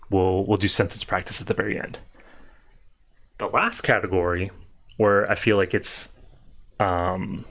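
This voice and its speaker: Man, fairly low voice, livestream english teacher, patient explanations, repeated example words. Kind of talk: livestream pronunciation lesson.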